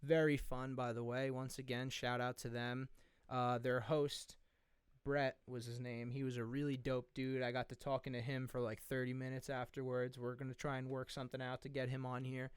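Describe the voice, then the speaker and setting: A man's voice: medium pitch, level tone, normal speed, clear, resonant tone, no room sound. A young man in his twenties, a podcast co-host, telling a rambling story with lots of swearing. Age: 20s. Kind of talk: casual chat.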